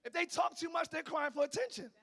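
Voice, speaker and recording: Male preacher; bright, sharp tone, animated delivery with sudden shouts. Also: extremely high pitch, fast, creaky. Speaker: pastor. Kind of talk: sermon.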